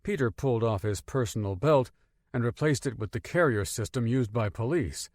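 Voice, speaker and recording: A male audiobook narrator tells a scripted story expressively at medium pitch and a moderate pace. The studio-quality recording has no echo.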